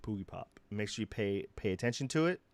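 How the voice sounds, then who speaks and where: A man's voice: fairly low pitch, fast, clear, resonant tone, dry recording. Young man, rambling casual chat. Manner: rambling, animated retellings with acted-out quotes. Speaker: podcast co-host.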